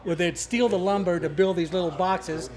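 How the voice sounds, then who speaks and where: Man with a high voice, chuckling through an anecdote, loud crowd chatter behind. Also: moderate pace. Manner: amused, chuckling while explaining. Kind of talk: casual storytelling. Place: birthday gathering.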